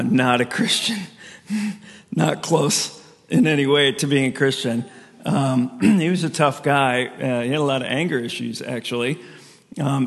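A man preaching a sermon as a pastor, telling stories in a loose conversational way with frequent chuckles. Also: mid-range voice. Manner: conversational storytelling with frequent laughs. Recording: long reverb of a large hall.

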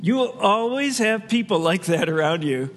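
A man's voice: sits high, expressive, normal speed, big-room sound, slight background noise. A man preaching a sermon as pastor, in a conversational way with asides he laughs at himself.

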